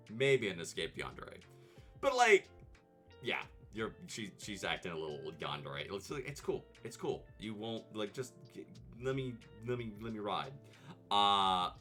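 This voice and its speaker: A man streaming comedic movie commentary, animated, profane and sarcastic. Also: fairly low pitch.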